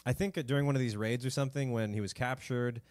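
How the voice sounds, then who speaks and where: A man co-hosting a comedy history podcast, talking at an ordinary middle pitch. He jokes, swears and drifts into goofy voices as he tells the story. The mic is close and the sound is dry. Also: steady tone, fast, a little mellow, no echo. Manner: jokey, swears, slips into silly quoted voices. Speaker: podcast co-host. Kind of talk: casual comedic history chat.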